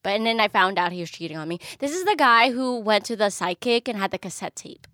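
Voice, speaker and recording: A young woman with a smooth, resonant voice tells a frank story in casual podcast chat and acts out the quoted lines. The sound is dry and close-miked. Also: mid-range voice, animated, quick pace, fairly bright tone, no echo. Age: young adult. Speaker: podcast co-host. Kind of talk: casual chat among friends.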